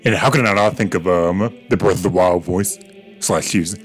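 A man's voice: deep voice, normal speed, soft background music. A man giving casual, rambling commentary while playing a video game, swearing now and then. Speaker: gaming video creator. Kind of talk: casual let's-play commentary.

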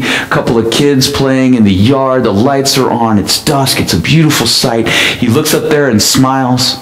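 Male pastor, mid-pitched, lively storytelling sermon, roomy church sound with faint noise. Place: church sanctuary.

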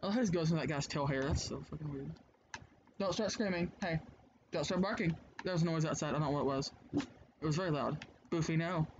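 A man's voice: on the high side, fairly quick. A man hosting a let's play from home, chatting loosely and swearing freely as he comments on the game. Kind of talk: casual gameplay commentary. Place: home, indoors. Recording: dull lo-fi mic with clear noise.

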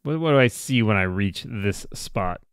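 A man's voice: lowish voice, animated, normal speed, smooth, dry recording, clean studio sound. A man playing a tabletop game, chuckling as he counts out his character's moves aloud. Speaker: player.

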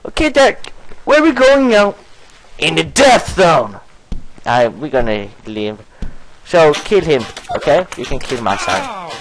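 Goofy, excitable young male gamer. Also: on the high side, measured pace, a little hiss or hum, rough recording. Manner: goofy and excitable, breaks into silly singing and swearing. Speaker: gameplay commentator. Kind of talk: casual let's play commentary.

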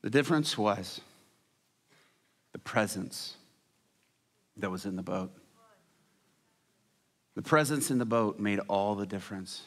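A man's voice: fairly low pitch, slow, pauses often. A man preaching a sermon, telling a story dramatically with humor and acted-out scenes. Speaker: guest preacher.

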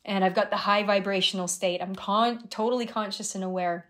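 A middle-aged woman, a guest on an interview show, telling a personal story in an animated way, her voice jumping high at surprising moments. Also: brisk. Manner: animated retelling with sudden high exclamations. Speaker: guest, dream guide.

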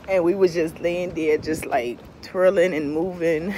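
A woman's voice: fairly even intonation, slow, a little mellow, a little hiss or hum. Laughing, swearing woman telling a story. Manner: swearing freely, laughing, pitch swinging up and down. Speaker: vlogger. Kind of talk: candid casual storytelling to camera.

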